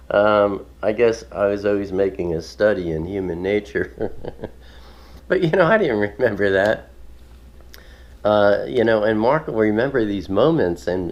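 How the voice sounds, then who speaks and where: Man, unhurried casual host, rambling with frequent chuckles; deep voice, dull lo-fi recording. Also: a little mellow. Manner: rambling, chuckling, many fillers. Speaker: ministry video host. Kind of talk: casual home video chat.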